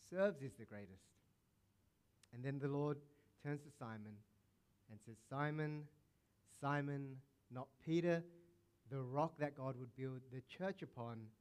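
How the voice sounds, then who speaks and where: A male pastor preaching a sermon in a conversational, playful way, acting out quotes now and then. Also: medium pitch.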